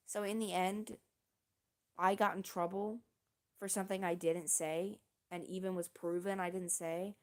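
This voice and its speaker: A woman streamer casually telling a long story on a livestream, halting and restarting often, with casual swearing. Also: lowish voice, little pitch movement, darkish tone. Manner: rambling, halting, with many restarts and fillers.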